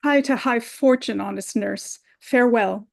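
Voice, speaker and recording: A woman's voice: on the high side, unhurried, gravelly. Woman reading an impatient young girl in love. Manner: urgent, pleading, rising exclamations. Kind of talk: Shakespeare play reading.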